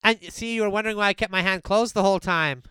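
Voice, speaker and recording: A man's voice: high-pitched, fast talker, pushed and bright, clean tone, no room sound. A man hosting a comedy show, playing an improvised sketch with eager, emphatic agreement.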